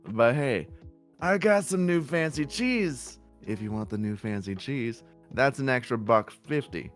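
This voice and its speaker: A male streamer talks into his microphone with blunt, emphatic energy and casual swearing. His voice sits at an ordinary middle pitch, with faint guitar music in the background. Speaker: VTuber streamer. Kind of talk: casual stream chat giving advice.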